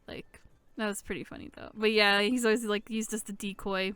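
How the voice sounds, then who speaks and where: A woman's voice: fairly high pitch, steady tone, normal speed, a bit bright, clear, resonant tone, no echo. A young woman co-hosting an anime review, retelling scenes with frequent laughs and swearing. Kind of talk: casual chat.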